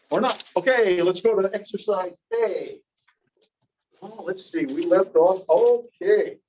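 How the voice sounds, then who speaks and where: A man's voice: high voice, animated, a little slow, darkish tone, muffled recording, a little hiss or hum. A man teaching a grammar class, patiently calling on students by name and explaining parts of speech.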